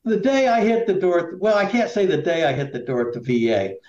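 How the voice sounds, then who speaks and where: A man's voice: high voice, very animated, a little fast, a little mellow, reverberant, lo-fi sound. A middle-aged man from Indiana, a political candidate, talking casually in an interview with lots of fillers and restarts. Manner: rambling, many fillers and restarts.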